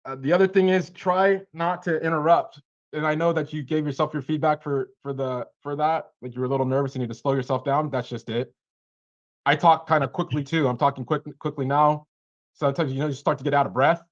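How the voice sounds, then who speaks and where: A man coaches a cold caller in a relaxed, animated way, now and then acting out both sides of a call. His voice sits fairly high. It comes through a dull, lo-fi video call connection. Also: brisk. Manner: animated, acts out caller and seller lines.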